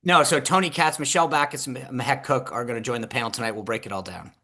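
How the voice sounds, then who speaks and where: A man co-hosting a political talk show. He talks casually and jokily in halting bursts, full of fillers. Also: mid-range voice, bright, forceful tone.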